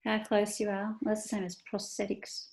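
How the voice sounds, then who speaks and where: An Australian woman gives a relaxed lecture over slides, talking her students through each point. She moves between topics with small fillers and asides, at a middle pitch and easy pace. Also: a little fast, vocal fry. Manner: explains casually, many fillers and asides. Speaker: teacher.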